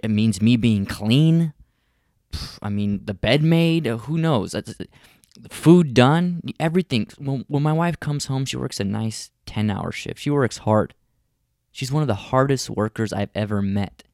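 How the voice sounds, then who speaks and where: A man's voice: on the low side, a little mellow, no echo, clean studio sound. Rambling, profane comic man ranting. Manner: rambling, profane, exaggerated complaining. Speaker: comedian. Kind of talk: comic rant monologue.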